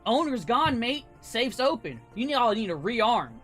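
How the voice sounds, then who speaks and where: A man's voice: extremely high pitch, sing-song, normal speed, fairly bright tone, faint music behind, voice pushed up, full character voice. A man voicing a brash bandit leader in a cowboy hat for a tabletop game, with a mouthy, swearing drawl. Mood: smug.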